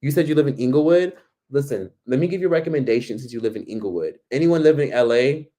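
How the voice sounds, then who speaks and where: A man's voice: mid-range voice, fast talker. A man hosting a casual livestream, chatting expressively while reading and answering viewer comments. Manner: chatty, animated, swearing freely. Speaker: livestream host.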